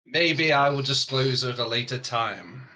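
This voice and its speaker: Man voicing a proud paladin with a bright voice; formal, hesitant. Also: mid-range voice, measured pace, recorded from a distance, slight background noise. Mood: earnest, formal. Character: earnest young male paladin, formal and proud.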